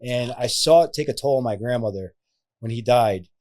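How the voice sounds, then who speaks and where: A man hosting a podcast, chatting casually and affirming his guest in a relaxed way. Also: medium pitch, normal speed. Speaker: podcast host.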